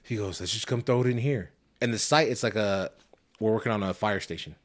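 A young man with a lowish voice tells a rambling work story on a podcast, swearing freely. He talks casually and keeps breaking into laughter as he goes. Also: a little fast. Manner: profane, storytelling, prone to laughing fits. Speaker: podcast host. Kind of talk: casual chat.

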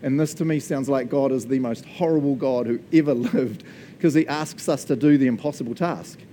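A man with a New Zealand accent preaching a lively, playful sermon, laughing often and now and then shouting for joy. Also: medium pitch, fairly quick, a little hiss or hum.

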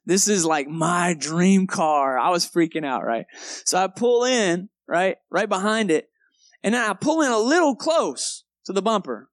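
Animated storytelling pastor, dry close mic. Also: male voice, sits high, unhurried, no echo. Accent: Texan. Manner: animated storyteller, acts out moments, laughs at himself. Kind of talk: sermon with personal story. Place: church sanctuary.

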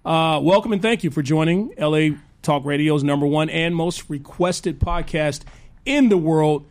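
A man's voice: a little high, normal speed. A man hosting a live radio talk show, hyped and joking, often laughing. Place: radio studio.

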